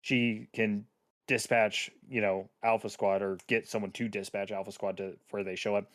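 A man co-hosting a casual book chat, excitable and full of fillers, acting out his own reactions. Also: fairly low pitch, normal speed, no room sound, clean studio sound. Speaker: podcast co-host discussing a book. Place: home setup with his own mic.

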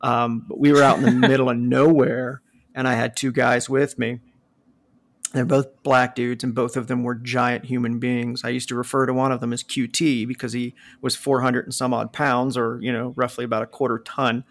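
A man with a northern US accent tells stories in relaxed conversation. His voice has a gravelly edge in a middle register. He talks in an animated way, swearing and laughing as he goes. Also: mid-range voice, moderate pace. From northern United States. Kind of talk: casual storytelling chat.

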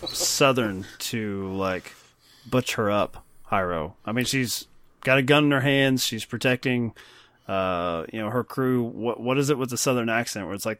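Dude rambling on a movie podcast, jokey and self-mocking, dry close mic. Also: male voice, lowish voice, a bit bright, no room sound. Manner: joking, rambling, self-deprecating. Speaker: podcast host. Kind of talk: casual movie podcast chat.

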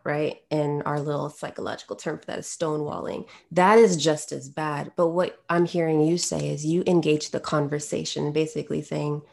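Calm low-voiced woman host. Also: gravelly. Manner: calm, reflective, gives short backchannels. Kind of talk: casual conversation.

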